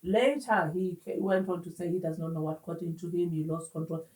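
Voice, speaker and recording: A woman, an interview guest giving personal testimony in an earnest, halting way and mixing in Xhosa words. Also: lowish voice, a little mellow. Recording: roomy echo, distant mic.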